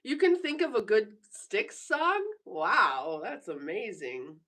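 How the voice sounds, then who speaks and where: Woman, 40s, unhurried teasing live-stream chatter, laughs a lot, mic set back a little. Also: mid-range voice, sing-song, pushed and bright, recorded from a distance. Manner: chatty, teasing, laughs often, reads viewer comments aloud. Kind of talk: casual live stream chat. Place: home bedroom.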